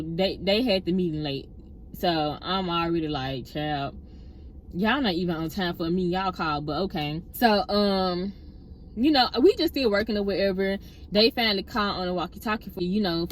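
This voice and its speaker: A young woman casually telling a personal workplace story, chatty and animated, often addressing listeners directly. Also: medium pitch, slight background noise. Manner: animated retelling with acted-out quotes.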